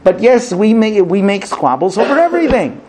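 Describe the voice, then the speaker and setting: A rabbi lecturing on marriage, acting out bickering spouses and quoting Hebrew phrases before translating them. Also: male voice, sits high, normal speed. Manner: animated, acts out squabbling spouses in quoted dialogue. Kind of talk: spoken lecture.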